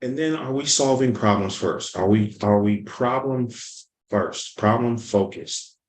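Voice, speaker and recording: A man giving an energetic sales lesson, telling stories and acting out the people in them. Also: lowish voice, a little slow, echoey room, rough recording. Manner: energetic, storytelling, acts out quotes. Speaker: sales coach. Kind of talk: motivational teaching talk.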